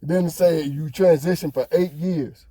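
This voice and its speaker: A man's voice: fairly high pitch, steady tone, unhurried, mellow, no echo. A man hosting a podcast, ranting heatedly in casual talk, swearing often. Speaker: podcast host. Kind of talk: casual opinion monologue.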